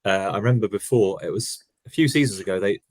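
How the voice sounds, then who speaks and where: A man's voice: fairly low pitch, quick pace, a little mellow, no echo. A man co-hosting a casual football podcast, chatting loosely and laughing often. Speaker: podcast co-host. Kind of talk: casual chat.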